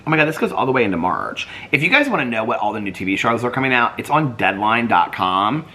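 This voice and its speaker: A man's voice: very animated, quick pace, sharp tone. A man vlogging in casual chat, reading viewer comments and thinking aloud as he looks things up. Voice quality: deep, soothing voice. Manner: chatty, rambling, thinks aloud while searching online.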